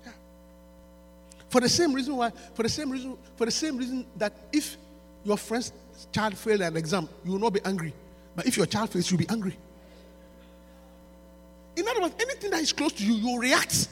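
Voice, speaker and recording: A man, preaching a sermon by retelling a story, going from quiet asides to shouting. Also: very high-pitched, very animated, fairly quick, pauses often. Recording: reverberant hall with mains hum.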